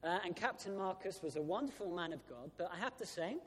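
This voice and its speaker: A man's voice: expressive, quick pace, a bit bright. A man in his thirties, a Church of England vicar, giving an Easter sermon with a storytelling manner and frequent "uh" fillers. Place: large church. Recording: church PA with long reverb, faint rumble.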